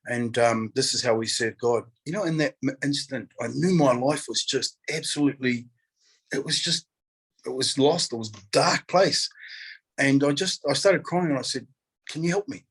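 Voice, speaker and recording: A man's voice: medium pitch, moderate pace, breathy edge, low-quality recording. A man speaking as a guest, telling his personal story candidly and acting out the people in it. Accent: New Zealand. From New Zealand. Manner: animated, acts out quoted voices, laughs often.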